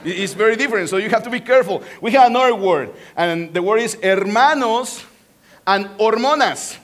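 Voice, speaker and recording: Preaching a sermon as a pastor, a man with a Spanish accent is animated and jokes with the congregation. He has a high voice and talks fairly quickly.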